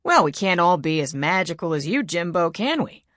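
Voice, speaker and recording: A woman's voice: on the low side, sing-song, normal speed, fairly bright tone, dry recording, clean studio sound. A woman narrator voicing a wisecracking young male American agent with a teasing, sarcastic manner.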